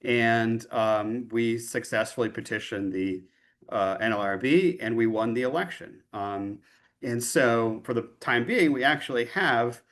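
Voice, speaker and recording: A man giving a lecture over a video call at an ordinary, middle pitch. He speaks loosely and conversationally, often checking in with his listeners with a tag question. He sounds like a physician union leader explaining his work. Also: a bit bright.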